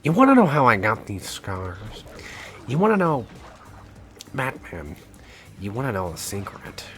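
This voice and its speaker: A man's voice: fairly low pitch, huge pitch swings, measured pace, faint music behind. A man voicing the Joker as a menacing, grinning villain, taunting and conspiratorial.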